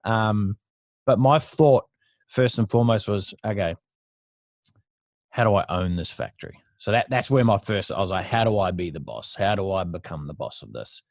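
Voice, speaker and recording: A man's voice: lowish voice, animated, moderate pace, vocal fry, darkish tone, no echo, studio quality. A man in his thirties with an Australian accent, telling stories as a guest in a casual interview, blunt and chatty, swearing freely. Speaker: guest entrepreneur.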